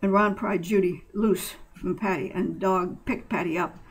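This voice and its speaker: A woman reading a short story aloud in a plain, steady way with occasional slips. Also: lowish voice, moderate pace, slightly rough, low-quality recording. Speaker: narrator.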